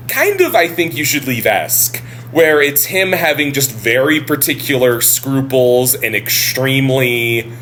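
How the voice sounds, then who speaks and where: Animated man chatting on a podcast. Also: mid-range voice, slight background noise. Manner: animated, laughs often, swears casually. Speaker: podcast co-host. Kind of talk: casual podcast chat.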